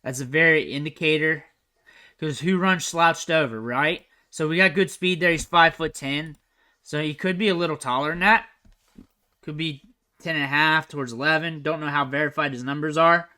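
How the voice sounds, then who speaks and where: Bright-voiced man commenting on game film. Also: a little high, moderate pace, clean tone. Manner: chatty, thinks aloud, trails off quietly at sentence ends. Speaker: recruiting analyst host.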